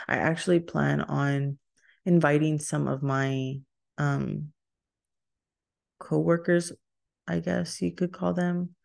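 A young woman talks through her solo podcast in a loose, rambling way, laughing easily and cutting herself off mid-thought. Her voice sits low, with a gravelly fry at the ends of phrases. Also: steady tone, slow, long pauses, a little mellow. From Texas. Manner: rambling and chatty, laughs often, self-interrupting. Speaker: podcast host. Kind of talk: casual solo podcast chat.

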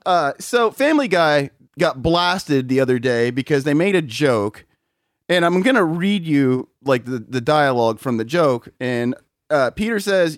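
A man with a slightly high voice ranting through casual podcast talk, swearing freely and laughing between points. The recording is dry and close. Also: lively intonation, a little slow, no room sound. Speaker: podcast host. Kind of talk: casual chat.

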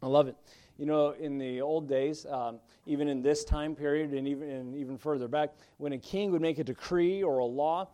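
Man, pastor, sermon, mellow warm tone, fairly high voice, emphatic rises, restarts. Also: fairly even intonation, normal speed.

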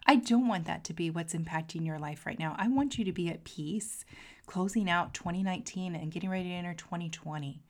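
A woman hosting a podcast as a coach, talking to listeners in an earnest, heartfelt way and sometimes dropping to a soft near-whisper. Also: fairly low pitch, brisk. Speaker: podcast host and marketing coach. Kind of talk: casual podcast monologue.

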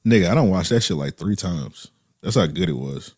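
A man's voice: deep voice, lively intonation, brisk, darkish tone, breathy edge, no echo, clean studio sound. A man co-hosting a casual chat, bantering loosely with heavy slang.

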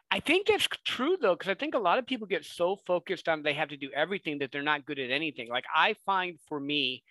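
A man with a fairly high, bright and forceful voice hosts a podcast interview. He asks questions in a relaxed, affirming way. The recording is close and dry. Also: dry recording, poor audio. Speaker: podcast host.

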